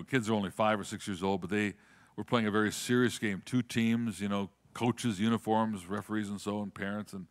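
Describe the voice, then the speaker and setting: A man's voice: fairly low pitch, fairly even intonation, a little fast. A man preaching a sermon, telling a story earnestly and repeating words as he starts sentences.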